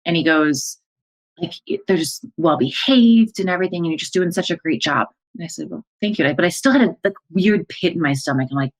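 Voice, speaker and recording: A woman's voice: on the low side, brisk, low-quality recording. A woman, a coach and podcast host, telling a personal story as an emotional monologue, acting out her own and her family's words. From American Midwest. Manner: emotional, breathless retelling with quoted dialogue.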